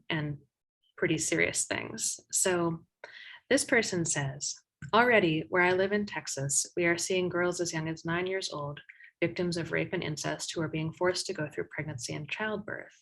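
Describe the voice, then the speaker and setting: A woman's voice: low voice, vocal fry, a bit bright, poor audio. A woman moderating an online debate, chatty and playful while reading out audience questions.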